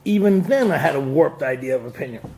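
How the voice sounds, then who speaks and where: A man's voice: a little high, lively intonation, brisk, warm tone, slight background noise. A man speaking to a recovery meeting audience, a joking storyteller who laughs often at his own lines. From Canada.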